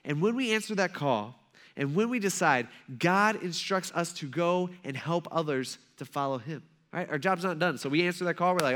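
A man's voice: fairly high pitch, lively intonation, normal speed, fairly bright tone. A man as a pastor, telling a Bible story in a loose, conversational sermon style with lots of "like" and "right?".

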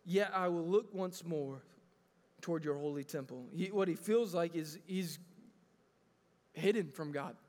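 Male pastor, thirties, high voice, earnest conversational sermon, big reverberant sanctuary. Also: measured pace, pauses often, darkish tone. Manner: earnest, conversational preaching with frequent restarts. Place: church sanctuary. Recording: long reverb of a large hall.

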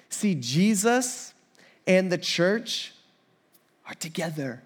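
A man preaching a casual, animated sermon in an everyday, conversational tone. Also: mid-range voice. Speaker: pastor.

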